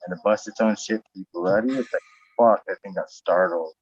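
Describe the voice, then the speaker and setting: A man's voice: low-pitched, fairly quick, breathy edge, no echo. A man in casual podcast chat, profane and rambling, raising his voice when he acts out what he said. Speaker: podcast host. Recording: dull lo-fi sound.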